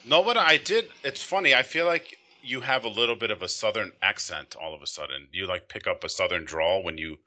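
A man's voice: fairly low pitch, animated, a little fast, few pauses, pushed and bright. A man hosting a casual interview, asking friendly, curious questions. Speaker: podcast host.

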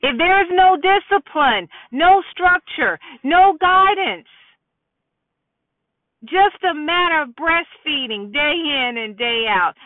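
A woman's voice: high voice, animated, slow, no echo. A woman hosting a podcast, giving an emphatic, preachy talk to mothers with rhetorical questions. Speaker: podcast host. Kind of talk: preachy monologue addressing mothers. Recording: dry tinny phone-like sound.

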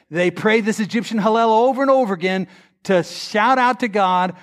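A man's voice: sits high, moderate pace. A male pastor preaching a sermon that builds into an impassioned altar-call prayer. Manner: impassioned, rising to fervent prayer.

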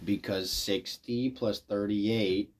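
A young man co-hosting a podcast in relaxed casual chat. He jokes and teases, and often trails off partway through a thought. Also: lowish voice, takes it slowly. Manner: joking, playful, trails off mid-thought. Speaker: podcast co-host.

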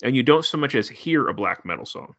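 Bright-voiced man reviewing a horror film. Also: mid-range voice, sing-song, a little fast, husky, no echo, muffled recording. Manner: laid-back, filler-heavy, wry. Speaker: podcast co-host. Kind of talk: casual movie review chat.

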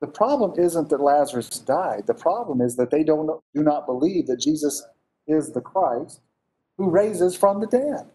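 A man delivers a sermon with a mellow, warm voice. He preaches in an animated, conversational way and keeps throwing questions at the listeners. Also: a little high, moderate pace.

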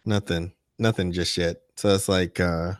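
A man's voice: sits low, steady tone, measured pace, no echo, clean studio sound. A man co-hosting a podcast in casual chat, easygoing and offhand. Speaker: podcast co-host.

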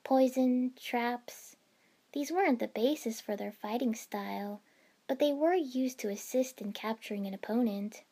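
A woman reading a first-person fan fiction story aloud in a steady storytelling manner. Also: a little high, unhurried. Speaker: narrator.

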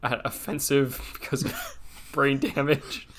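A man's voice: medium pitch, expressive, unhurried, fairly bright tone, slight background noise. A man co-hosting a podcast over a video call, joking in casual chat and laughing at himself. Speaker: podcast co-host.

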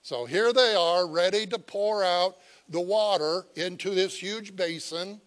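Slow, folksy preaching man. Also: high-pitched. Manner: animated storytelling, swings from quiet asides to loud emphatic cries; folksy, chuckling, with halting fillers. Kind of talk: sermon. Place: visiting church.

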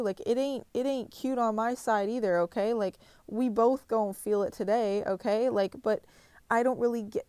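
A woman's voice: a little high, darkish tone, dry recording. Twenty-something woman venting on her vlog, swears a ton, real emphatic, dry sound. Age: 20s. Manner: blunt, heavily profane, emphatic and impassioned. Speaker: vlogger. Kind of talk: confessional vlog monologue.

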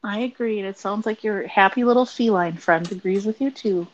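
A woman co-hosting a podcast in casual chat, animated, laughing often and trailing off into restarts. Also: mid-range voice, normal speed, highs cut off. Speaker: podcast co-host.

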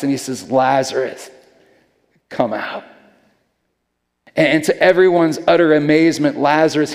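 A man's voice: fairly high pitch, darkish tone. Earnest preaching man in a reverberant hall. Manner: conversational, earnest, with frequent repeated words and "man". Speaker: pastor. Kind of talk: sermon.

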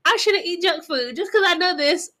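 A married woman co-hosting a podcast in casual chat, animated and joking, laughing often. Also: very high voice, normal speed. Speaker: podcast co-host.

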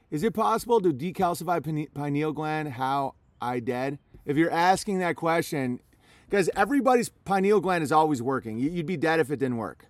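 A man's voice: fairly high pitch, no room sound. A man live streaming, talking casually to his chat in a rambling way with many restarts.

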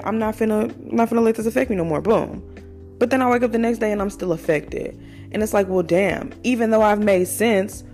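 A woman's voice: medium pitch, a little mellow. Candid, profane woman in her twenties. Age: 20s. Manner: candid, profane, conversational with slang. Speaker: podcast host. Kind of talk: casual personal monologue.

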